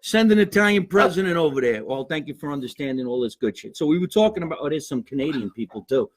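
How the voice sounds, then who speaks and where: A man's voice: fairly high pitch, lively intonation, fast talker. A man hosting a live comedy podcast, brash and profane, joking constantly. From New York. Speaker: comedian host.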